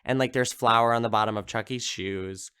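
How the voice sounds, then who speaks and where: A man's voice: fairly low pitch, steady tone, normal speed, sharp tone, clear, resonant tone. A man hosting a casual podcast, retelling a horror film in a chatty way, full of "like" fillers and easy swearing. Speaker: podcast host.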